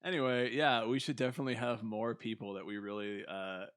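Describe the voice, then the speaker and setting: A man's voice: lowish voice, fairly even intonation, brisk, a bit bright, clean tone, no echo, clean studio sound. A young man co-hosting a casual podcast, telling awkward stories on himself with lots of laughing and swearing. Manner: self-mocking, laughing, swearing storyteller. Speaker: podcast co-host.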